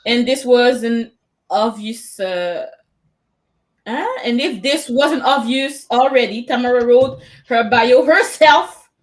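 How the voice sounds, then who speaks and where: A woman's voice: fairly high pitch, slow pace. A woman hosting a comedy show, introducing acts with playful, laughing banter. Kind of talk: bilingual stand-up hosting banter.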